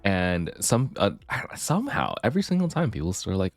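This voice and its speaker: A male streamer chatting casually and rambling with his viewers, his voice deep and gravelly from the morning, keyboard clicks on a desk mic. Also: huge pitch swings, fast talker, few pauses, dry recording, clean studio sound. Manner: rambling, chatty, self-deprecating. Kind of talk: casual live-stream chat. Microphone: desk mic, keyboard clicks audible.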